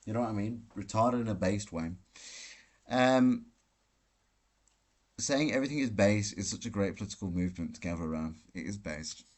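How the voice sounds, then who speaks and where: Hosting a live Q&A stream from a hotel room, a British man answers chat questions with brash, profane ranting. His voice is low and a little fast.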